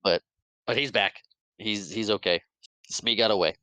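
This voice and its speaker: Male podcast co-host, chatty animated recap, bright clear voice, dry sound. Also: on the low side, moderate pace, no echo, poor audio. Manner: chatty, animated retelling with acted quotes. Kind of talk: casual film recap.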